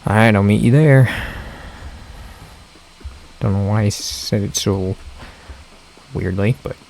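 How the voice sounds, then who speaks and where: A man casually commenting while playing a video game, jokey and relaxed. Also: on the low side, slow pace, vocal fry, a little hiss or hum. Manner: casual, jokey, talks to his pet companion. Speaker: gaming video creator. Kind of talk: casual let's-play commentary.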